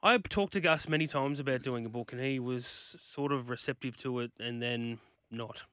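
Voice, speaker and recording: A man's voice: medium pitch, moderate pace, a bit bright, clean tone, dry recording. A man, a guest author on a radio show, chatting casually and laughing through his stories. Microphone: studio microphone.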